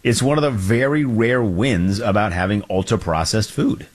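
A man co-hosting a podcast, telling a funny story in a relaxed, joking way and slowing down for punchlines. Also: lowish voice. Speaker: podcast co-host. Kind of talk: casual chat.

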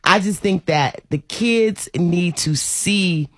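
A woman hosting a talk show, chatting in an animated, preachy, folksy way. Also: lowish voice, takes it slowly, dry recording. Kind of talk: casual talk show chat.

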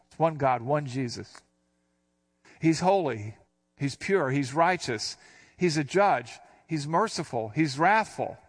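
An older man giving a conversational sermon, explaining a Bible passage verse by verse in a relaxed, plain-spoken way and slowing down to read the scripture. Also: mid-range voice. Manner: slows down when reading scripture. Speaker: Bible teacher.

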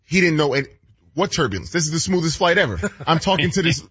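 A man on a radio show, casually telling a story in a relaxed way. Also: fairly high pitch, fast talker, slightly rough, no room sound, highs cut off.

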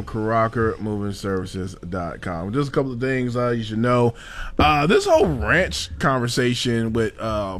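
A man's voice: medium pitch, a bit bright. A man hosting a casual talk show, reading a sponsor spot and rambling with lots of fillers and chuckles. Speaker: show host. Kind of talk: casual chat with a sponsor read.

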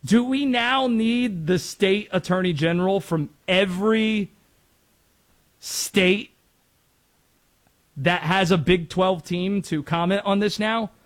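A man's voice: high voice, slow pace, long pauses. A man from North Carolina hosting sports talk radio in a chatty way, laughing easily and wandering into asides.

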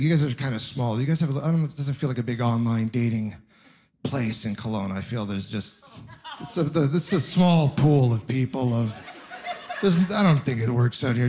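A man's voice: medium pitch, a little mellow. A man in his thirties doing a conversational, self-deprecating stand-up routine with rambling asides. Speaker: stand-up comedian. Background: audience laughter.

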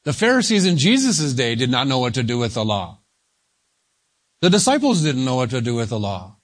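A man preaching an expository sermon, slow and deliberate, leaning hard on single words as he reads scripture aloud. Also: mid-range voice, very animated. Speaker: pastor.

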